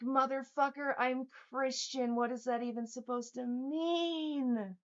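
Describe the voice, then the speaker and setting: A woman's voice: high-pitched, fairly even intonation, a little slow. A young woman livestreaming, ranting angrily at her chat in a heated, profane, sarcastic way. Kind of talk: angry livestream rant reading chat. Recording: dull lo-fi stream audio.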